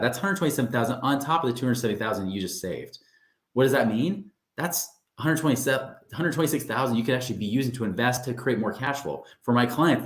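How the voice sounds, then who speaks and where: A man's voice: medium pitch, echoey room. A man who coaches on money, giving a webinar in an upbeat, conversational way and often checking in with his listeners. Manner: upbeat, conversational, often asks "right?" and says "guys". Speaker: financial coach. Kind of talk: webinar presentation.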